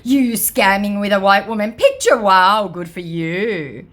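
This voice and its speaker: A woman's voice: medium pitch, a little slow, fairly bright tone, pitched above the performer's own voice, natural voice. A woman voicing a young male online scammer, taunting and cackling as she reads his messages aloud. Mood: mocking.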